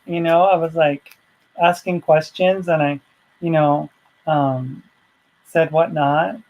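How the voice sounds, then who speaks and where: A woman's voice: deep voice, fairly even intonation, slow, narrow, tinny audio. A woman vlogger telling a personal story in a casual, rambling way, full of asides.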